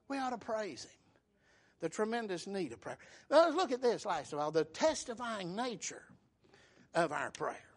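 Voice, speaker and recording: A man preaching a sermon, telling folksy stories and rising into fervent shouts. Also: high voice, expressive, normal speed. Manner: fervent, builds to shouting bursts, folksy storytelling.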